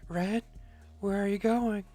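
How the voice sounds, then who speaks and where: A man voicing a pleading old grandmother in a high, wavering falsetto. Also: steady tone, slow, dark tone, faint music behind. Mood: calling.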